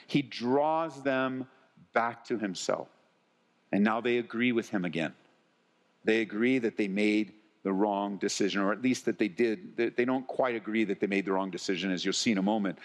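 A male pastor delivering a sermon in an earnest, conversational preaching manner with rhetorical questions. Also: medium pitch. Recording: long hall reverb.

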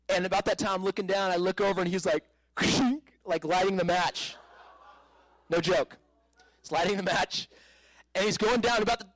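A man telling a personal testimony in a casual storytelling way, animated, laughing often, with many fillers and restarts. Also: on the high side, dry recording, poor audio.

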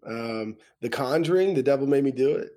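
A man's voice: mid-range voice, expressive, a little fast, a crowd in the background. A man in casual podcast chat, reacting with laughs and reading through a list. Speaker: podcast co-host.

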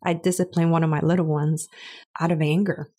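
A woman's voice: low-pitched, little pitch movement, fairly quick, dark tone. A woman in her thirties, a mother co-hosting a faith and parenting chat, telling stories from home. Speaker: podcast co-host. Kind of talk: casual chat, storytelling.

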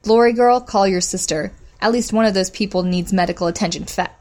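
A woman's voice: medium pitch, a little fast, darkish tone, natural voice. A woman voicing a stern female superhero giving orders in an authoritative tone, in a storybook reading. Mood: commanding.

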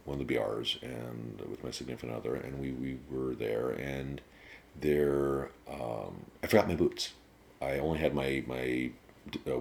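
A man with an extremely low, rumbling voice talks through a casual interview. He tells rambling stories, swears freely, and stumbles through plenty of restarts. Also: gravelly, a little mellow, a little hiss or hum. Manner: rambling, profane storyteller. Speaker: interview guest. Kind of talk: casual conversation.

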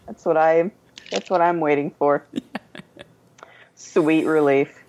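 Husky woman with teasing quips. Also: low voice, steady tone, slow, a little hiss or hum, low-quality recording. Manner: teasing, dark-humored quips. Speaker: podcast guest. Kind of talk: casual chat. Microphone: video call.

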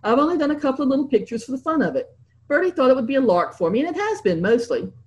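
A woman's voice: high voice, sing-song, rapid-fire, darkish tone, muffled recording, pitched above the performer's own voice. A woman voicing a breezy, modest young actress who talks lightly.

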